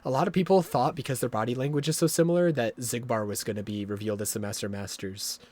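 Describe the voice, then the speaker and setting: A man streaming a video game live, explaining the story at length in a rambling, excitable way and swearing often. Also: mid-range voice, fast.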